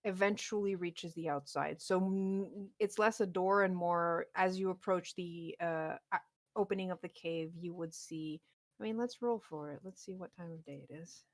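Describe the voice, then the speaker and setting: A woman's voice: on the low side, normal speed. A woman narrating as dungeon master in a casual, laughing way, with loose restarts. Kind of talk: narrating a tabletop game.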